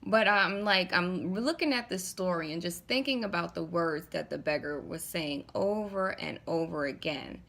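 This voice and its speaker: A woman's voice: fairly low pitch, moderate pace, gravelly, hardly any pauses, fairly bright tone. Chatty woman telling a story to camera. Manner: conversational, often checks in with the viewer. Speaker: vlogger retelling a spiritual story. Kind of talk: casual storytelling vlog.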